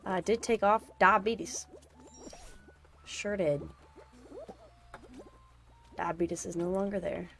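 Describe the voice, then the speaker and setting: A young woman streaming a game, reacting loudly, complaining about the levels and thanking viewers in chat. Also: medium pitch, steady tone, slow pace, long pauses. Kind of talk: casual live-stream gameplay chat. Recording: faint game music behind.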